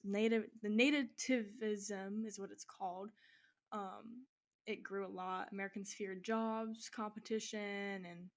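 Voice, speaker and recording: A young woman giving a school history presentation, talking casually with many fillers and restarts. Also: medium pitch. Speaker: student presenter. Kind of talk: informal class presentation.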